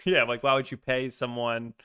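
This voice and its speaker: A young man co-hosting a podcast in relaxed casual chat, full of "like" and laughing as he talks. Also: medium pitch, normal speed, clear, resonant tone. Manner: relaxed, filler-heavy, laughs while talking. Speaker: podcast co-host.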